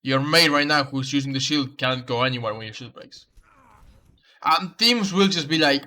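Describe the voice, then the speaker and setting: The coach's voice is medium-pitched, pushed and bright, at normal speed. He walks a player through a match replay, explaining tactics and repeating important advice in his commentary.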